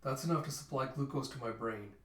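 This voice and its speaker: A man voicing a tough but sentimental cyborg woman in a manga readthrough, relaxed and easygoing. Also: mid-range voice, a little fast, lightly acted. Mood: wistful. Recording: roomy echo, mic at a distance.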